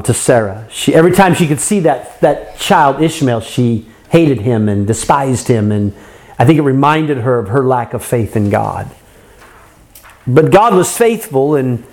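A man's voice: medium pitch, a little mellow. A man preaching a sermon, earnest, asking the congregation rhetorical questions and acting out their complaints.

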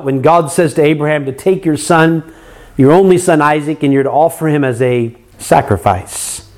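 Earnest preacher, fairly high man's voice. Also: a little mellow. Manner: earnest, rhetorical questions, acts out imagined complaints. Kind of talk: sermon.

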